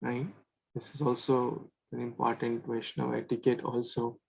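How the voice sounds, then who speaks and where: A man's voice: mid-range voice, flat delivery, moderate pace, creaky, a little mellow, poor audio. A man leading a scripture class in a chatty teaching style, often checking in with the listeners. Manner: chatty, keeps asking "right?".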